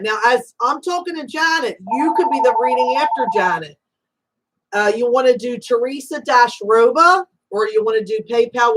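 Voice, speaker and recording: A woman hosting a live call-in spiritual reading show, talking in an emphatic, motherly way and calling guests honey and sweetie. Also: on the high side. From Italian-American background. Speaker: psychic reader and show host.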